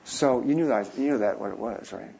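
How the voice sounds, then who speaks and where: Husky man in his fifties telling stories. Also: on the low side, a little fast, muffled recording. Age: 50s. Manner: animated anecdote-telling, acting out quoted voices. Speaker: missionary. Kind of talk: storytelling talk.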